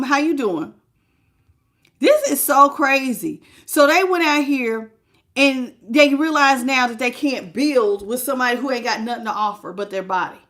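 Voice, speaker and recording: A woman's voice: sits high, a bit bright. A woman giving a live tarot reading, talking casually and emphatically to her viewers, repeating phrases and laughing often. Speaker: tarot reader.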